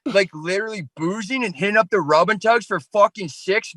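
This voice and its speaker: A Canadian man talks as a podcast guest in a high, bright voice. He rambles and swears nonstop in loose, crude chat. The sound is dry and close to the mic. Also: fairly quick, no room sound. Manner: profane, rambling, ranting.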